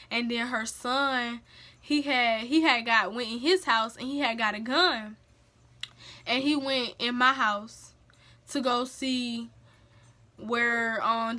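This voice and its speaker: A young woman, telling a dramatic personal story in an animated, emphatic vlog style. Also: a little high. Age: young adult. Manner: animated, emphatic, dialect-rich retelling. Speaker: storyteller vlogger. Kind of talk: casual storytime.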